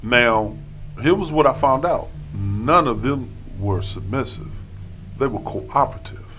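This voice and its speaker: A man's voice: mid-range voice, lively intonation, unhurried, a bit bright, faint music behind. A man hosting a live talk panel, asking pointed questions and steering the conversation. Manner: probing, asks pointed questions. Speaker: talk show host.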